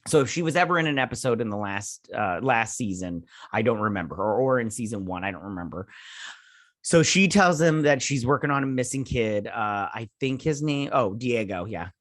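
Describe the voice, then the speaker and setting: A man's voice: mid-range voice, animated, normal speed, fairly bright tone, no echo, clean studio sound. A man hosting a show, casually recapping and reviewing a TV episode in a rambling way, full of fillers, swearing freely. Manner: rambling retelling, many fillers like "like" and "he's all like".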